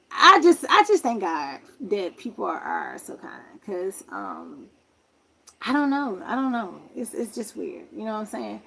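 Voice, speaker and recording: A young woman casually telling a personal story, acting out other people's voices with big jumps in pitch. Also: sing-song, unhurried, creaky. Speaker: vlogger telling a life story.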